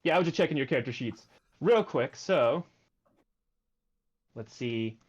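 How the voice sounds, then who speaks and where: A man's voice: medium pitch, lively intonation, measured pace, muffled recording. A man running a tabletop game as game master, explaining the rules and thinking aloud.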